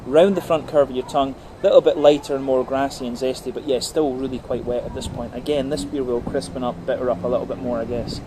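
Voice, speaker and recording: Guy doing a slow careful beer tasting review, lots of ums, steady hum and noise behind him. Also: medium pitch. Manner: methodical, talks through flavours layer by layer with many fillers. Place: on a brewery visit.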